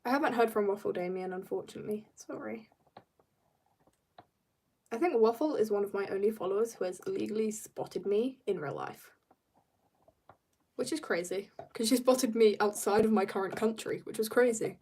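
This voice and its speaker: A woman's voice: medium pitch, darkish tone, husky, distant mic. A British teenage girl chatting casually on a livestream while drawing, rambling and giggly. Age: teens. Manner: rambling, giggly, talks in quick bursts. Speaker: streamer. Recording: voice a bit off-mic.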